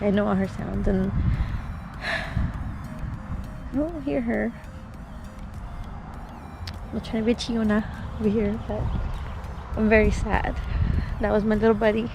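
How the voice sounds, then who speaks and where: Sad tearful mom vlogging outdoors. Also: female voice, mid-range voice, creaky, noisy background. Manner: tearful, soft and rambling with many fillers. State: sad from crying. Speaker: vlogger and mother. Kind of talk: casual vlog talk. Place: outdoors in a small park.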